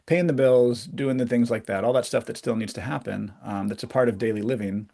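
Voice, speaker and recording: Man, thirties, podcast host, mid-pitched voice, reflective, musing, thinks aloud. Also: fairly quick, gravelly, warm tone. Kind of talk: conversational interview.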